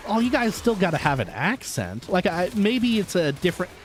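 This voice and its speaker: This is casual live-stream chatter from a male vtuber in the United States, who jokes around with viewers while gaming in an animated, playful way. He speaks at a moderate pace in a voice that sits high. There's slight background noise.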